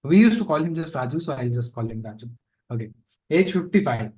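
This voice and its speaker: A man's voice: medium pitch, sing-song, fast talker, a little mellow, low-quality recording. A man giving a casual live coding lesson, thinking aloud with fillers and asides. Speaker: programming instructor.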